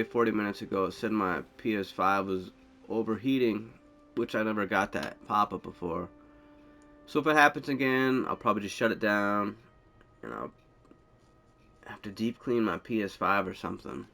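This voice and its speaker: A man's voice: on the low side, moderate pace, gravelly, sharp tone. A man giving casual gameplay commentary, rambling and thinking aloud as he plays. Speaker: gameplay streamer.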